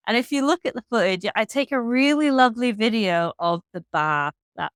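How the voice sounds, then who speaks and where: A woman from England with an English accent, a guest telling a story in casual chat, frank and animated, swearing freely. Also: on the high side, fairly quick, clear, resonant tone, dry recording. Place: hostel room.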